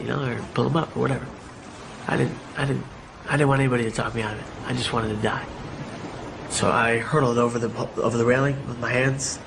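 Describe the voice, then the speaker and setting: A man's voice: medium pitch, creaky, noisy background. A man giving a candid, rambling personal testimony in an interview, with many fillers and restarts. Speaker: interviewee recounting his own story. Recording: music playing under the voice.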